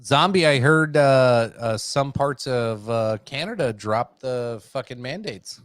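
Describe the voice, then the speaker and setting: Foul-mouthed guy on a live podcast, lively pitch, dead dry mic. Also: unhurried, dry recording. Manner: crude, heavy swearing. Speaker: podcast co-host. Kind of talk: casual banter.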